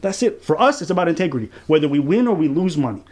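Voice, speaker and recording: A man with a fairly high voice gives a casual reaction commentary. He talks bluntly and crudely and mocks the people he is reacting to, breaking into laughs often. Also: very animated, fast, darkish tone, a little hiss or hum. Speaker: reaction channel host.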